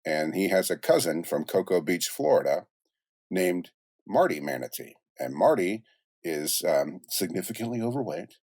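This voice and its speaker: A middle-aged man, a voice actor and music producer, telling stories in a relaxed interview with many restarts and asides. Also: low-pitched, moderate pace, no echo, studio quality. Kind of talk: casual interview chat.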